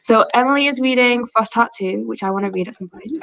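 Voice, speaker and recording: A woman's voice: a little high, fast talker, creaky, fairly bright tone, no echo, rough recording. A woman in her twenties hosting a casual livestream, chatting and reading out comments from the chat. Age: 20s. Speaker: host.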